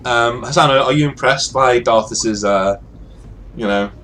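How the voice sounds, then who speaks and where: A man narrating as game master of a tabletop game, relaxed and full of pauses. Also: medium pitch, slight background noise. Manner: relaxed, hesitant with many fillers.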